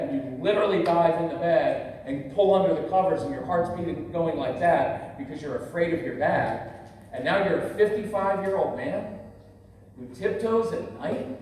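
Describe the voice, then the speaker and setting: Telling stories and playfully acting out quotes, a man in his fifties jokes with the audience at a live parenting workshop in a large convention hall. His pitch is fairly high and his tone darkish; the hall echoes, the mic sounds distant, and slight noise sits in the background.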